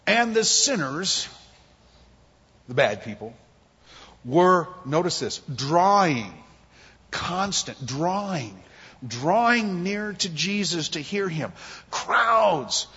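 A man's voice: high-pitched, slow, long pauses, husky, long reverb tail, highs cut off. A man preaching a conversational sermon, acting out quotes and jokes from his family life. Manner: animated, conversational, acts out quotes. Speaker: pastor. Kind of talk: expository sermon.

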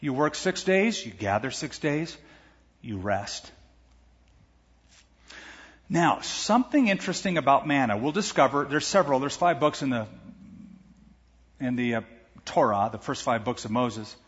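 A man's voice: medium pitch, animated, measured pace, pauses often, breathy edge. A man preaching a sermon, reading scripture and explaining it in a conversational way with asides. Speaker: pastor. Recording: echoey hall, dull lo-fi sound.

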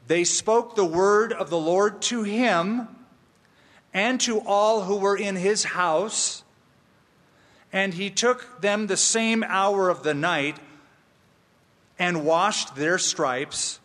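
A man preaching an expository sermon, emphatic and slow, with playful asides. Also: high-pitched, a bit bright, in a large hall. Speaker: pastor.

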